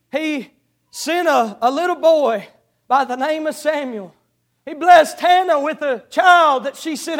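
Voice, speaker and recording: A man preaching a sermon, swinging between shouted exhortation and quiet storytelling with old-fashioned scripture reading. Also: very high-pitched.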